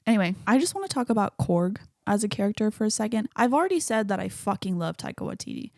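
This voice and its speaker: A woman hosts a solo podcast and chats casually about a film, swearing freely and acting out the lines she quotes. her voice has a gravelly fry to it and sits at a middle pitch. the sound is dry and close. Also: big pitch swings, quick pace, no echo. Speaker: podcast host.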